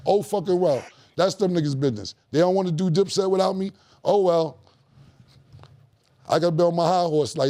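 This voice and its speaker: A middle-aged man, a guest in a podcast studio, telling stories in a casual, animated way with plenty of slang and profanity and acting out other people's lines. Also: sits high, fairly quick. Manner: animated, acts out quoted dialogue, heavy slang and profanity. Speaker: guest rapper in a studio conversation. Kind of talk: casual storytelling.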